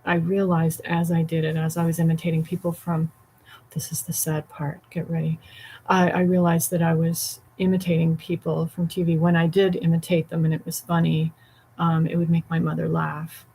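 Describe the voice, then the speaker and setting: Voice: mid-range voice, monotone, moderate pace, creaky, darkish tone, slight background noise, poor audio. A voiceover artist talking casually to camera, candid and reflective, rambling and self-deprecating.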